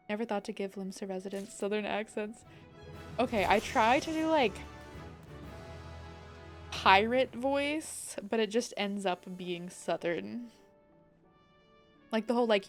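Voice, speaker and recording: A young woman streaming a game, chatting casually in a bubbly, excitable way full of "like.". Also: on the high side, unhurried, long pauses, soft background music. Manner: bubbly and excitable, many likes.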